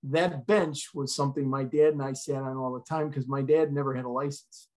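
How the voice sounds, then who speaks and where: A man's voice: medium pitch, steady tone, brisk, a little mellow. A middle-aged man, a retired fire chief, telling a personal story in an earnest, emotional way as a podcast guest.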